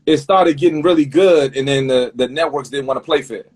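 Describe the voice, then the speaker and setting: A man's voice: mid-range voice, fairly quick, a little mellow. Talkative man hosting a video-call interview. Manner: talkative, repeats words while rephrasing questions. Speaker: host. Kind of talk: live online interview. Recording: husky video-call audio that drops out.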